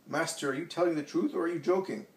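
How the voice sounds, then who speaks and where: A man's voice: mid-range voice, fairly even intonation, normal speed, natural voice. A man voicing a trembling, greedy old male scribe who stammers and shrieks curses, recorded in an echoey room from a distance. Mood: alarmed. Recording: echoey room, distant mic, faint hiss.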